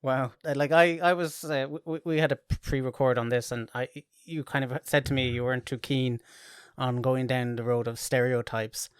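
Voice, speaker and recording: Man, mid pitch, chatty host, dry close sound. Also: fairly even intonation, moderate pace, clean tone, dry recording. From Ireland. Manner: chatty, anecdotal storyteller. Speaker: podcast host. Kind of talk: casual interview chat.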